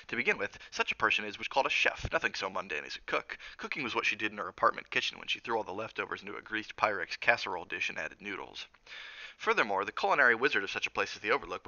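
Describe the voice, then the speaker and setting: Brief: male streamer doing casual book reading, quick and bright, low-ish voice. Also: dry recording, highs cut off. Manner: brisk and plain, with asides. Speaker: streamer reading a novel aloud.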